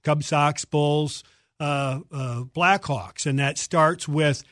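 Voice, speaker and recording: A man's voice: a little high, fairly even intonation, slow pace, a bit bright, no room sound, clean studio sound. A middle-aged man, a TV sports producer, chatting as a radio guest and telling stories with enthusiasm. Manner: enthusiastic, storytelling. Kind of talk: casual interview chat.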